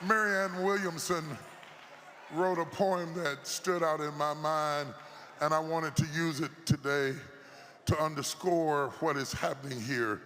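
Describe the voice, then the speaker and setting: A man preaching a sermon in a sing-song cadence that builds to shouts. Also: fairly high pitch, steady tone, measured pace, a little hiss or hum. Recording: long hall reverb, faint ambience.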